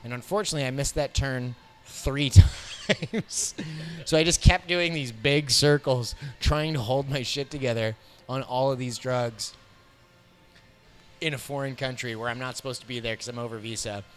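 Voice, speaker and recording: A man in his thirties with an American accent, a comedian telling a profane road story in an animated way, laughing often as he talks. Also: mid-range voice, normal speed. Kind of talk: storytelling interview. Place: bar.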